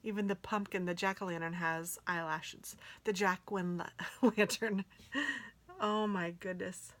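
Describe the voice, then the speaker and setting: A woman gushing excitedly as she unboxes planner stickers for her viewers, often dropping into soft whispers. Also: fairly low pitch, unhurried. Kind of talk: casual unboxing chat.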